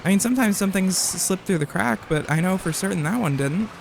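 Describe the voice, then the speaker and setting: A man's voice: high voice, lively intonation, brisk, gravelly, background noise. A man live-streaming a game in casual chat, reading viewers' messages aloud and arguing back with plenty of swearing and rambling restarts.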